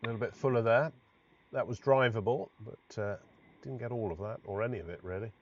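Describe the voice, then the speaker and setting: A man commentating on cricket, easygoing and quietly observational. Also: mid-range voice, a little fast. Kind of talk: live sports commentary. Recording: dull lo-fi stream audio with faint noise.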